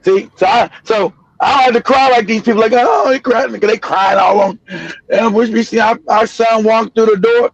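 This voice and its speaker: A middle-aged man talks bluntly on a live stream. His voice sits high for a man and he keeps driving his point home with repeats. The sound is dry and a little muffled. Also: fairly even intonation, normal speed, no room sound. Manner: blunt, emphatic, repeats himself, laughs often. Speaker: show host. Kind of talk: casual live-stream commentary.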